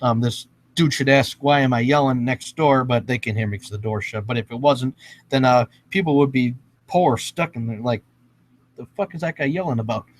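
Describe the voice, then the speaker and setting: A man's voice: medium pitch, normal speed. A man ranting casually and freestyle rapping at home, profane and rambling. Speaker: freestyle rapper. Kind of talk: casual rant and freestyle rap. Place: indoors at home.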